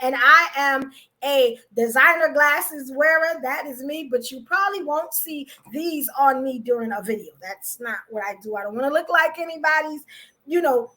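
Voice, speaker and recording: A young adult woman hosting a podcast, telling a personal story in a lively way, with lots of laughter and fillers. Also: sits high. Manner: animated, laughs often, many fillers. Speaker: podcast host.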